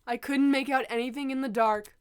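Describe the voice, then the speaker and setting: A woman's voice: high-pitched, steady tone, brisk, clean tone. A woman playing a murder-mystery game, reading narration aloud and breaking into shrieking emotional reactions. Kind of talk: let's play commentary with read-aloud narration.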